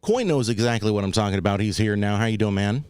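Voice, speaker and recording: A man's voice: fairly low pitch, fast, darkish tone, clear, resonant tone, no echo, clean studio sound. A man hosting a talk show, telling a rambling, wry story and acting out the people he quotes. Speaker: podcast host. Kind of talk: casual comedic storytelling.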